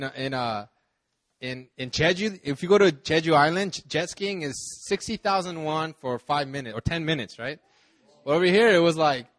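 A man preaching a relaxed, chatty sermon, telling a vacation story with laughs, fillers and restarts. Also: on the high side. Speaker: pastor. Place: church service.

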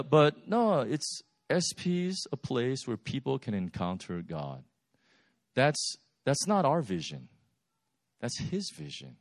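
Animated pastor telling a story. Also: male voice, on the high side, no room sound, clean studio sound. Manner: animated, lively storytelling with laughs. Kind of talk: sermon storytelling.

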